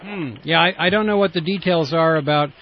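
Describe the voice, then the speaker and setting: Halting male radio host, slightly high voice. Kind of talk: call-in radio talk. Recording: dull lo-fi radio audio with faint noise.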